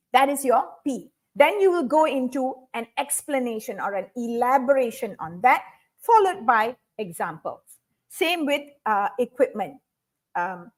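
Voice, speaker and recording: A woman's voice: high-pitched, slightly rough. A woman teaching speech skills in an online webinar, explaining step by step and often saying "okay". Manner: instructive, repeats key points, frequent "okay".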